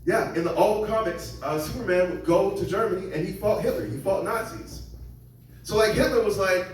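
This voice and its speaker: A Seattle-area man delivers a wandering, self-deprecating comedy club set, impersonating those he quotes. His voice is high and his pace moderate. A distant mic in a very echoey room adds slight hiss or hum.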